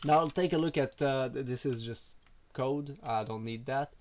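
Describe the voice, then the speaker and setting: A man's voice: medium pitch, normal speed, a little mellow, slight background noise. A man giving a casual, rambling programming walkthrough, full of fillers and self-deprecating asides. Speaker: programming tutorial creator. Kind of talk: casual screen-recorded coding walkthrough.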